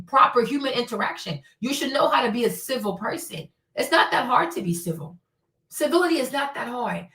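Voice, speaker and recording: Woman host going off, blunt and sweary, kinda high voice, echoey room. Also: fairly bright tone. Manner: blunt, profane, indignant. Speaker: show host. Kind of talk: casual ranting monologue. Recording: roomy sound, mic at a distance.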